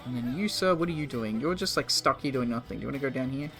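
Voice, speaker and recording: A man's voice: medium pitch, animated, fast, bright, forceful tone, faint music behind. A man in his twenties casually commenting on a strategy game during a live stream, rambling and swearing. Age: 20s. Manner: rambling, profane, joking with chat.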